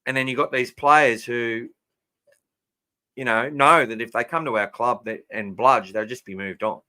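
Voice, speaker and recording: A man's voice: mid-range voice, steady tone, normal speed, sharp tone. An Australian man hosting a casual fan podcast, chatting and answering listener comments. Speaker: podcast host.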